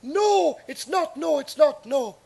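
A man's voice: very high-pitched, animated, takes it slowly, vocal fry, a little mellow, pitched above the performer's own voice, full character voice. A man playing an over-eager, fussy middle-aged game show host with bouncy presenter patter. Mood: chirpy.

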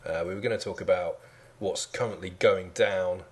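A man from England co-hosting a comedy podcast, talking in a dry, deadpan way. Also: deep voice, moderate pace. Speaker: podcast co-host. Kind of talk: casual comedy chat.

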